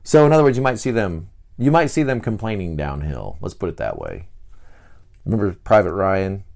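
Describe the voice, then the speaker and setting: A man's voice: low voice, gravelly. A man hosting a podcast, explaining personality types in a casual teaching monologue and acting out the people he describes in short bursts. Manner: animated, acts out quick voices of people he describes. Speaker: podcast host.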